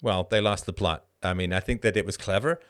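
A middle-aged man hosting a live show, answering chat questions in an animated monologue that keeps tossing in a rhetorical "right?". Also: sits low, a little fast, clean tone. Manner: animated, frequent rhetorical "right?", laughs mid-sentence. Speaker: host.

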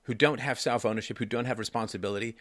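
A man's voice: medium pitch, quick pace, fairly bright tone, no echo, studio quality. A man hosting a call-in advice show, talking emphatically and repeating key phrases for stress.

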